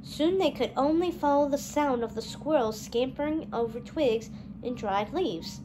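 A woman reading a children's storybook aloud, gentle and expressive. Her voice sits high. Faint noise runs under the reading. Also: measured pace.

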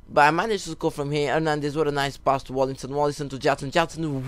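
A young man telling a rambling story while giving casual commentary over a football video game, breaking off for excited goal calls. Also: a little high, fast, few pauses, clear, resonant tone, no room sound. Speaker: gaming YouTuber.

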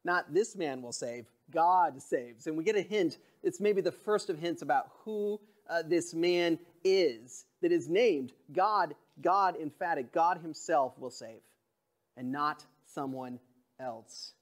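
A man preaching a sermon in a church, talking in an earnest, conversational way that often drops to a soft, quiet voice. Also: on the high side, expressive, slow. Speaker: pastor.

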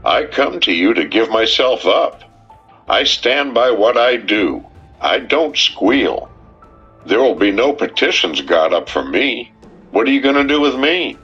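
A man's voice: mid-range voice, very animated, unhurried, fairly bright tone, husky, pitched above the performer's own voice, exaggerated voice. A male narrator voicing a defiant young man who turns himself in, giving curt, unflinching answers. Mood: heated defiant. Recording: dull, muffled recording with faint music.

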